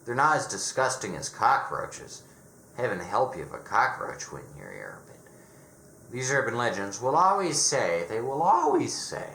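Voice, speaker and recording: A man's voice: mid-range voice, huge pitch swings, moderate pace, a bit bright, roomy sound, slight background noise. A man giving an opinionated casual review, sarcastic and dismissive, often stumbling and restarting his words. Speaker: horror reviewer.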